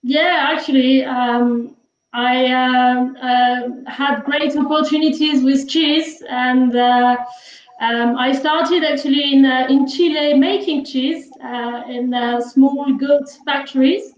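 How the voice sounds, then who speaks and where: A woman with a French accent talks slowly and haltingly, with a high voice and many pauses to search for words. Her voice comes through a dull, echoey video call connection. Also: fairly even intonation. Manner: hesitant, with many fillers and repeats. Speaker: cheese expert guest. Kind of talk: casual interview chat.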